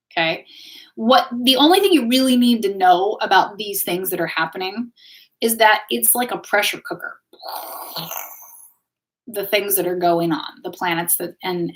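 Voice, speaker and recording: A woman hosting a live astrology and tarot stream, talking casually to her viewers in an encouraging teaching tone and often checking in with them. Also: mid-range voice. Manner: chatty, warm-hearted, keeps checking in with viewers ("okay?", "right?").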